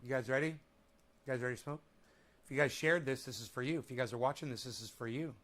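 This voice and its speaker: A man vlogging casually, profane and ranting, his voice jumping from shouted insults to low mumbles, and he coughs now and then. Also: quick pace. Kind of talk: casual vlog talk.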